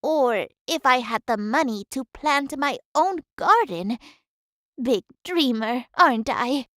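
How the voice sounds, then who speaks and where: A woman's voice: high-pitched, animated, slow pace, fairly bright tone, no echo, clean studio sound, exaggerated voice. A woman voicing a humble, talkative housekeeper in a game, speaking reflectively about her life. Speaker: housekeeper of a manor. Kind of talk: game voice acting.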